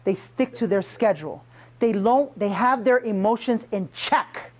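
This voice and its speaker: Guy running a pumped-up sales meeting, punchy, keeps quizzing the room, voice sits a bit high. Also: unhurried. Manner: punchy, emphatic, quizzes the audience. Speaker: sales trainer. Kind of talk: motivational sales training talk.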